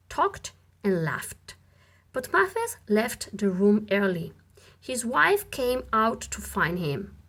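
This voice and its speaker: Brief: woman audiobook narrator, clear deliberate storybook reading, slow, animated. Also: mid-range voice. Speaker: audiobook reader.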